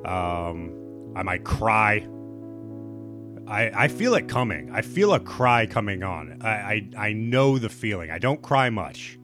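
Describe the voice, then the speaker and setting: A man hosting a podcast, talking casually in a rambling, profane, self-mocking way. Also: on the low side. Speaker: podcast host.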